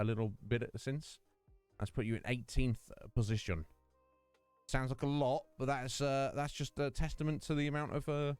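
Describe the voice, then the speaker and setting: A man's voice: mid-range voice, clean tone, no echo. A man hosting his game live stream, chatting in a rambling way and laughing often. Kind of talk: casual live-stream chat.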